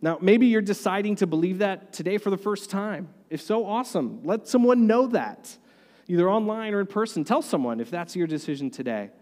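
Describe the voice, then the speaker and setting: A man's voice: high voice, lively intonation, fairly quick, a little mellow, long reverb tail. A man preaching a sermon as pastor, earnest and conversational.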